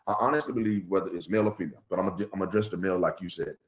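A middle-aged man talking in a casual podcast chat, animated and laughing often as he tells a story. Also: rapid-fire. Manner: animated, laughs often, jumps high when excited. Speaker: podcast guest.

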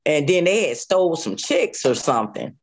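A woman guest telling her own survival story in an interview, animated, acting out what people said and repeating phrases. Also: low-pitched, moderate pace, husky. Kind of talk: emotional personal testimony.

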